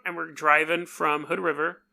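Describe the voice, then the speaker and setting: A podcast host with a New York accent tells a rambling, jokey story, imitating sounds along the way. His slightly high voice is level and sharp with vocal fry, at a normal speed.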